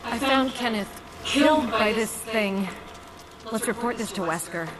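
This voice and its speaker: A woman's voice: fairly high pitch, a little slow, a crowd in the background, close to an everyday voice, rough recording. A woman voicing a young female police officer in a video game, reading her lines stiffly. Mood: urgent. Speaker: game character. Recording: game sound with music behind. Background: game music.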